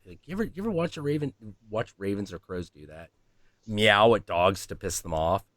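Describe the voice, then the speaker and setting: A man streaming casually, profane and animated, acting out animal voices as he talks. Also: on the low side, brisk, no room sound. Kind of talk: casual chat.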